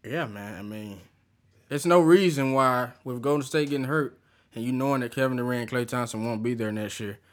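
A man's voice: medium pitch, a little fast. A man co-hosting a casual sports podcast, slangy and arguing his point. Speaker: podcast co-host.

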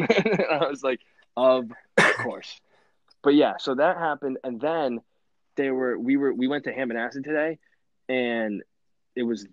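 A young man telling stories in a rambling podcast chat, animated and full of fillers and laughs. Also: mid-range voice, dry recording, dull audio. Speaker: podcast host. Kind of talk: casual storytelling chat.

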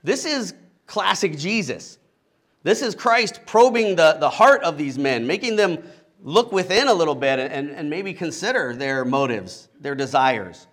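A middle-aged man preaching in an easy, conversational way, his voice sitting a little higher than most men's. He breaks up his teaching with playful asides and keeps checking in with a quick "right?" to his listeners. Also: sing-song, a bit bright. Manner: casual, humorous asides, frequent rhetorical "right?". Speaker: pastor. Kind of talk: conversational expository sermon.

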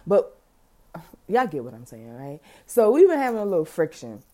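Woman podcast host, warm, low-lit voice, animated and slangy storyteller. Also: normal speed. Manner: animated, profane, slangy and dramatic. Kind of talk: casual storytelling.

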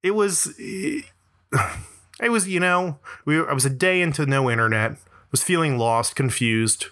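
Bright-voiced man telling a comic story. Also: on the high side, a little slow. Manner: self-deprecating and profane, building to exaggerated riffs. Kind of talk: comedic personal storytelling.

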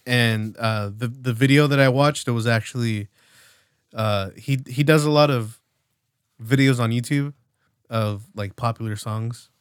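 A man's voice: medium pitch, measured pace, clean tone, dry recording. Rambling, profane podcast guy, dry sound. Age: late 20s. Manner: rambling, loose, profane, many fillers. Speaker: podcast co-host. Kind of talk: casual podcast chat.

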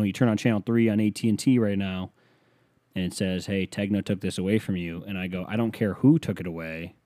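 A man with a lowish, mellow voice rants through a casual solo podcast. He rambles, swears freely and keeps cutting himself off mid-thought. The sound is dry and close, with no room around it. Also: dry recording. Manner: rambling, profane, self-interrupting. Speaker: podcast host.

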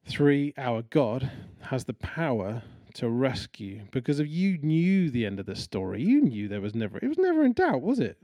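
Delivering a sermon like a story told in conversation, this man animatedly acts out the quotes of the people in it. His medium-pitched voice moves at a moderate pace with hardly any pauses, in a dry recording.

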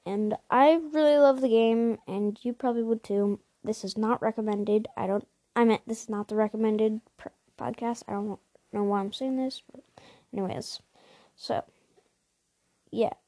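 Casual podcast host, woman, rambly and chatty, mellow voice, a bit high, dry sound. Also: steady tone, moderate pace, dry recording. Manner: rambling, many fillers and restarts, apologetic asides. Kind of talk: casual chat about video games.

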